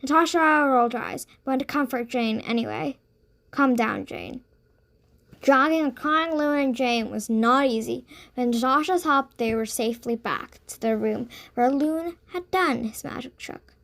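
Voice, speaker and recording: A woman narrating a children's audiobook in an expressive read-aloud manner. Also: sits high, moderate pace, gravelly.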